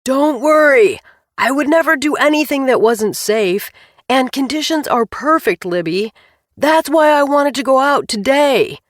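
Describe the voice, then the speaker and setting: A woman voicing a cheerful, eager husband who flies the plane and yells reassurances over the noise. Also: deep voice, animated, slow pace, no room sound, studio quality, exaggerated voice. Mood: hollering cheerful. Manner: hollering over engine, upbeat and reassuring.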